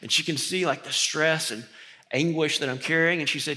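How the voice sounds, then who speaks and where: A middle-aged male pastor preaching a sermon, telling a personal story with animated, self-deprecating humor. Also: on the high side, brisk.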